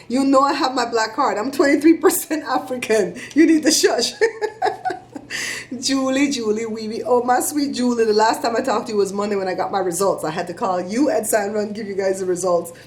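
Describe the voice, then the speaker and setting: A middle-aged woman vlogger giving chatty, animated shout-outs to her viewers. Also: fairly high pitch, fairly quick, few pauses. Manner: chatty, animated storytelling with laughs.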